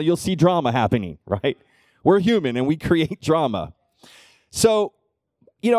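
A middle-aged man preaching a sermon, conversational, often checking in with the congregation with "right?" and dropping to a hush for personal stories. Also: no echo, studio quality. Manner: drops to a hushed low voice when telling personal moments. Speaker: pastor.

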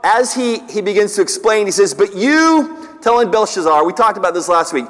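High-voiced man preaching in a reverberant hall. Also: animated, a bit bright. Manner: storytelling, acts out quoted voices, pauses and restarts. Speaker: pastor. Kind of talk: sermon.

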